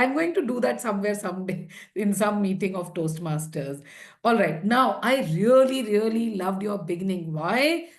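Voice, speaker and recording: Woman giving feedback in an online meeting. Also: medium pitch. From India. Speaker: table topics evaluator. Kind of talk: meeting speech evaluation.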